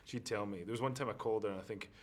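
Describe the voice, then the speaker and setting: Husky-voiced Scottish man telling stories. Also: fairly low pitch, very fast. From northeast Scotland. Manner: animated storyteller, acts out quotes. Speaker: actor, interview guest. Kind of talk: casual interview chat.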